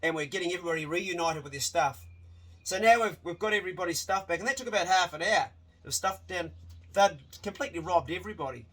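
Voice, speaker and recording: Man, casual storytelling, somewhat high voice, animated, swears a lot, restarts sentences. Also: fast.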